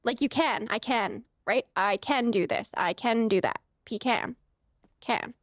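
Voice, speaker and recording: At normal speed and on the high side, a young woman casually chats while playing a farming game on stream, laughing often and wandering off on tangents. The sound is clean studio quality with no room sound.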